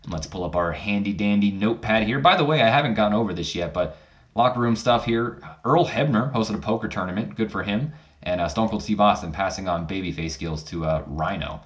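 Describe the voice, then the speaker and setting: A man's voice: on the low side, fairly quick, highs cut off. A man hosting a game playthrough, narrating casually and correcting himself as he goes. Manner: rambling, self-correcting. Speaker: let's play host.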